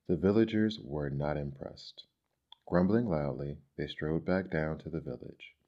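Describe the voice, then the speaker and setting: A male storyteller reads children's tales in a very low, dark voice at an unhurried pace. He narrates gently and expressively. The recording has a dull, lo-fi sound. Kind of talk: storybook reading.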